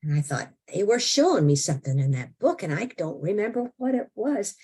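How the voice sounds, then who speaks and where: An older woman, an interview guest, telling a personal story in an animated, expressive way and acting out her own thoughts. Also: medium pitch, a little fast, slightly rough.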